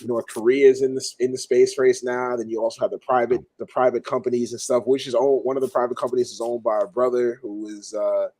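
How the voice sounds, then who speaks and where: A man's voice: mid-range voice, level tone, quick pace, few pauses, dark tone. A man in casual podcast chat, rambling with many restarts.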